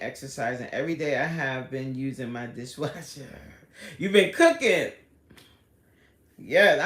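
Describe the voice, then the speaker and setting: A woman hosting a casual livestream, chatting with viewers by name and launching into a story. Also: low-pitched. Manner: chatty, answers the live chat by name, storytelling. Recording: roomy echo, faint background noise.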